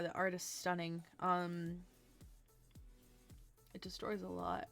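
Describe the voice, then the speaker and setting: A woman streamer talks through her deck-building in a relaxed, chatty way, tired and yawning as she goes. Her voice has a gravelly, fry-heavy edge. Soft music and keyboard clicks sit faintly behind her. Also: on the low side, slow pace. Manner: chatty, thinks aloud, hums and trails off. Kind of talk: casual livestream chat.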